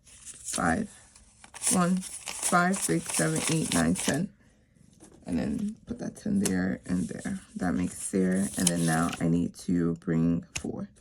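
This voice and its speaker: A woman's voice: a bass voice, lively intonation, takes it slowly, noisy background. A woman chatting casually to her viewers while doing a cash savings challenge, repeating herself for emphasis.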